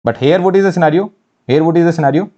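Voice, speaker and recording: Indian english accent, male tutor, fairly high voice, mellow tone, muffled dull recording. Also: very fast. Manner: asks questions and answers them himself, repeats key phrases. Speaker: engineering mathematics teacher. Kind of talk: online exam-prep lecture.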